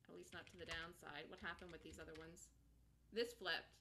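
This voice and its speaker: A woman's voice: fairly low pitch, expressive, brisk, bright, forceful tone, a little hiss or hum. A woman hosting a live stock market show, talking emphatically, repeating herself, and answering viewers' chat. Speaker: stock trading show host.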